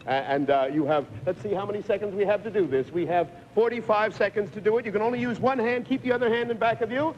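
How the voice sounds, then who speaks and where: A man hosting a live TV game show, briskly explaining stunts and coaxing contestants on, heard through a 1950s broadcast recording. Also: sits high, a little hiss or hum. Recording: dull 1950s TV broadcast with long reverb.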